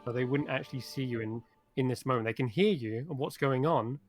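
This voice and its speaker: A man runs a tabletop game session, describing scenes and monster moves with playful energy. His voice sits at an ordinary pitch, heard over a voice-call mic. Soft music hums faintly behind him. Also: brisk. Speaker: game master.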